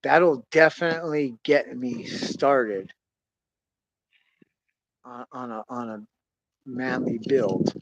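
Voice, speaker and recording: A young man telling a story in casual, profane chat, swinging between loud bursts and quiet mutters. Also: mid-range voice, slow pace, pauses often, muffled recording. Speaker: podcast host.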